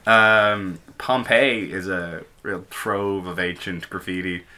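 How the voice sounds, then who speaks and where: A man with a lowish, bright and forceful voice chats loosely on a podcast. He laughs often and tells rambling anecdotes. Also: steady tone, slow pace. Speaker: podcast co-host. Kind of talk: casual chat.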